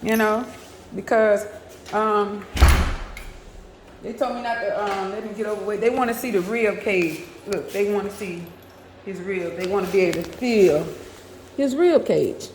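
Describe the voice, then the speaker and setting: Outdoors in her yard, a woman chats casually on a livestream, cooing and fussing over her dog. Her voice is medium-pitched and unhurried, with long pauses. The recording is echoey with long reverb and faint noise.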